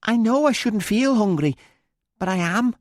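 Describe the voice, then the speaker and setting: A man voicing a young woman who speaks bluntly, with a shaky, halting, guilty tone. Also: high-pitched, animated, dry recording, studio quality, voice pushed up.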